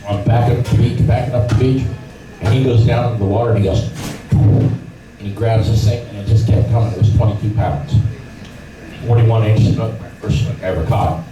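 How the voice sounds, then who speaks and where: A man's voice: on the low side, moderate pace, over loud music. A middle-aged man telling fishing stories at a club meeting, acting out voices and sounds as he goes. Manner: animated storyteller, acts out voices and sounds. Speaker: fishing guide giving a club talk. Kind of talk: storytelling seminar talk. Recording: echoey room from far off, noisy.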